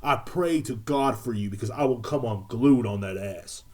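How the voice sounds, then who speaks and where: A man playing a self-righteous, foul-mouthed adult man in a loud, repetitive satirical rant. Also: mid-range voice, normal speed, voice pushed down, natural voice. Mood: indignant. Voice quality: loud, emphatic, swearing, repetitive.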